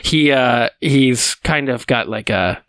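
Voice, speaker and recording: Male podcast co-host, dry wry critic, mid pitch, close dead recording. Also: lively intonation, takes it slowly, a bit bright, smooth, no room sound. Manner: wry, critical, chuckling commentary with many fillers. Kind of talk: casual movie recap chat.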